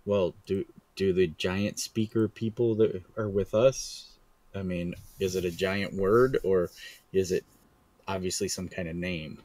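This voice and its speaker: A very low-pitched man chatting as a player in a tabletop game. His voice sounds close and dry, with no room around it. He speaks casually, half-joking as he describes what his character does. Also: fairly even intonation, unhurried, darkish tone, dry recording.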